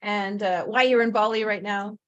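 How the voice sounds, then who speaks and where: A woman's voice: mid-range voice, fairly even intonation, normal speed, lo-fi sound. A woman hosting an online author event, enthusiastic and gushing as she introduces guests over a video call. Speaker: host. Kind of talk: upbeat livestream hosting.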